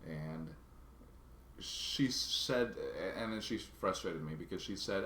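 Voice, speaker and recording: A man vlogging casually, telling a story in a halting way and often restarting his words. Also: deep voice, pushed and bright, roomy sound, a little hiss or hum. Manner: halting, restarts and repeats words while recounting a grievance.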